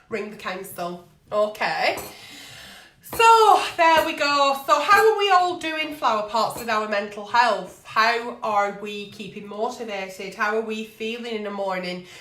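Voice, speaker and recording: A woman hosts a live agony-aunt chat, blunt and full of swearing. Her voice sits fairly high with a bright, sharp edge. The room adds a noticeable echo. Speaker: agony aunt show host. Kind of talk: live-streamed advice chat.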